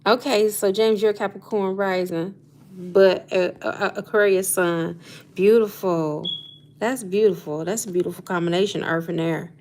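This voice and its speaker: A woman in her thirties or forties hosts a casual live stream of astrology readings, her medium-pitched voice steady, a little mellow and at normal speed. She chats with viewers about zodiac signs, laughs often and calls them "honey" and "y'all".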